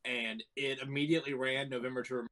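A man chatting casually on a podcast with an average pitch. He retells stories in an animated way, swearing often and acting out the quotes. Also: a little fast, slight background noise. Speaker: podcast co-host. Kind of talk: casual chat.

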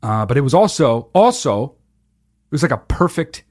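A man's voice: medium pitch, normal speed, no echo, studio quality. A man ranting casually in a sardonic, profane way about a childhood memory. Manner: sardonic, heavy swearing, lively emphasis. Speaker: monologue speaker.

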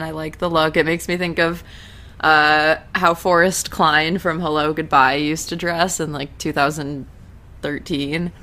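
A woman with a notably low, deep voice talks her way through an episode recap in a casual, chatty manner. She rambles, peppers her speech with "like", and drops wry, self-deprecating asides. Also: fairly bright tone.

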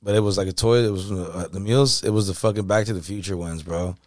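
A man co-hosting a casual podcast chat, talking in an excitable, slangy way. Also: low voice, quick pace, no room sound.

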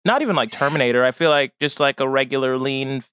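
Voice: mid-range voice, fast talker, fairly bright tone, clean tone, dry recording. A co-host in casual chat, asking questions and giving short reactions.

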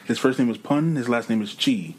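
A man's voice: mid-range voice, expressive, a little fast. Laid-back joking man, faint background hum. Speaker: podcast co-host. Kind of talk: casual chat.

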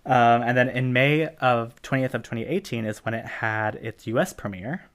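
Podcast co-host, casual film chat, rambling delivery full of "like", laughs often, mid-range pitch. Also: moderate pace, a bit bright.

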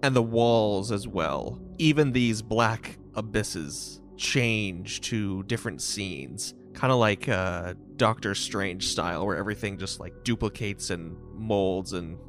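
A man's voice: fairly low pitch, slow pace, hardly any pauses, a bit bright. Guy game master narrating the scene, faint music under it. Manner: descriptive, loose and joking.

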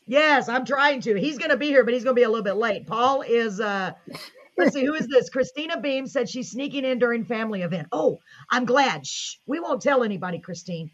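A woman's voice: a little high, animated, fairly quick, lo-fi sound. A woman hosting a live online show, gushing and enthusiastic as she chats with her guest and reads viewer comments aloud. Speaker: host.

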